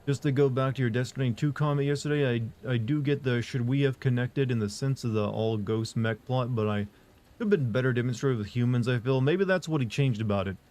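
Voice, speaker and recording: A man talking casually on a livestream, reading and answering chat. His delivery is flat and monotone, at a middle pitch, and he rambles with fillers and restarts. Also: a little fast. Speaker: streamer answering live chat.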